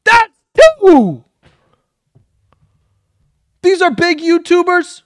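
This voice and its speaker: A man's voice: very high-pitched, sing-song, a little slow, a bit bright, no room sound, studio quality. A man reacting to a video with mocking, sarcastic, profane commentary. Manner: mocking, sarcastic, swears a lot.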